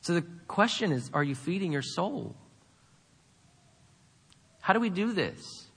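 A man's voice: high voice, very animated, measured pace, fairly bright tone, husky, long reverb tail. A man preaching a sermon, emphatic, with many rhetorical questions to the congregation. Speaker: pastor.

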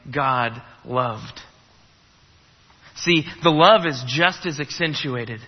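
A man preaching a sermon, emphatic, repeating key phrases and asking rhetorical questions. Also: a little high. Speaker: pastor. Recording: reverberant hall, dull lo-fi sound.

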